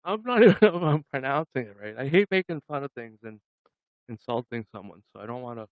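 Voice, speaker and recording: A man's voice: mid-range voice, sing-song, fast talker, no room sound, phone-quality sound. A man hosting a casual livestream, joking with viewers and laughing often. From Massachusetts. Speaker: livestream host.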